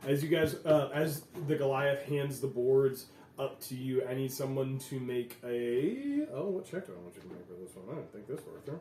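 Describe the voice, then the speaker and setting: A man running a tabletop game as game master, narrating in a relaxed way with many fillers. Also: mid-range voice, moderate pace, slight background noise. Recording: echoey room, voice from far off.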